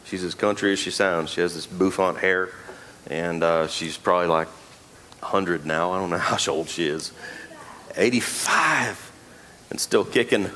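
A man preaches in a church sanctuary, his voice sitting on the low side. He keeps it conversational and joking, talking straight to the congregation. A faint room ambience hangs behind him. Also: a little slow, bright, forceful tone, slight background noise. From Texas. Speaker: pastor. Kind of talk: sermon.

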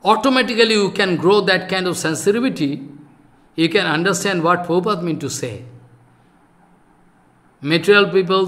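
Casting: older man, bright high preaching voice, scolds and exhorts. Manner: animated, scolding, rising to loud emphatic bursts. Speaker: spiritual teacher. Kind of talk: sermon.

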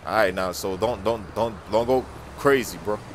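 A man playing a nervous dad in a game role-play skit who stammers and yells in panic. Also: lowish voice, normal speed, a little hiss or hum.

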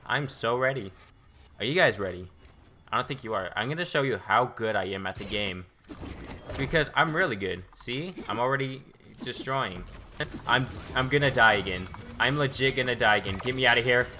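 A man giving excitable, boastful live commentary while playing a video game as a gaming YouTuber. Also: mid-range voice, moderate pace, slight background noise.

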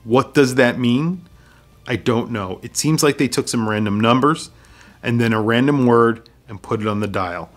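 A young man reviewing cheap watches in a casual video, with dry, mocking humor. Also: medium pitch.

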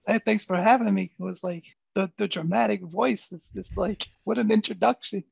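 A man from Michigan, a podcast guest, telling his story in a relaxed, rambling way with a gravelly, husky voice. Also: high voice, moderate pace, hardly any pauses, dry recording. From Flint, Michigan. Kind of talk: casual interview storytelling. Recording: dull lo-fi sound.

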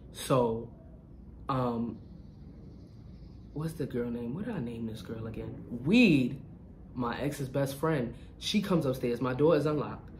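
A young adult vlogger telling a casual storytime in an animated, slangy way, often checking in with listeners. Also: medium pitch, slight background noise.

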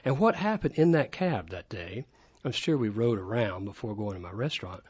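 A man in his fifties from Alabama with a Southern accent tells anecdotes eagerly as a guest on a radio show. His voice is husky and the sound is dry and a bit dull. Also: on the low side, animated, moderate pace, a little mellow, no echo. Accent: Southern American. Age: 50s. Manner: enthusiastic, anecdotal. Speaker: studio guest. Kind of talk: casual storytelling. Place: radio studio.

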